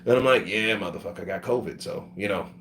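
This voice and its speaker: A sick man casually telling a profane, animated story about his travels, acting out the other people's voices as he goes. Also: on the low side, fast talker, a little hiss or hum. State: sick with covid.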